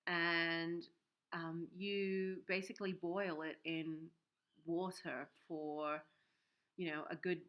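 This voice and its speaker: Chatty woman streaming live from her workshop, rambling and filler-heavy, low voice, dull lo-fi audio. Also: flat delivery, slow, clear, resonant tone. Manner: chatty, rambling, with many fillers, reading viewer comments aloud. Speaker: livestream host and soap maker. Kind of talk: casual livestream chat. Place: home workshop.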